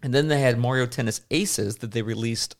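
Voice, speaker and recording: A man's voice: medium pitch, brisk. A man in his thirties hosting a casual podcast chat as a dad, rambling with lots of fillers. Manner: rambling, chatty, many fillers.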